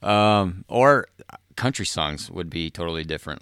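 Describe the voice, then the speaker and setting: A man's voice: deep voice, animated, moderate pace, a bit bright, smooth, no room sound, clean studio sound. A man hosting a podcast with a crude, rambling comedic monologue, swearing a lot and laughing in the middle of sentences. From South Dakota. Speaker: podcast host.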